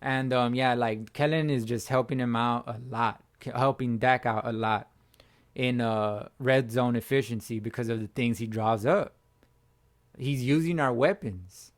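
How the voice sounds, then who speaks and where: A man hosting his own fan channel, hoarse from screaming, giving a slangy sports reaction chat as if talking to a buddy. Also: mid-range voice, measured pace. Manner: slangy, talks like chatting with a buddy. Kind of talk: casual sports reaction talk.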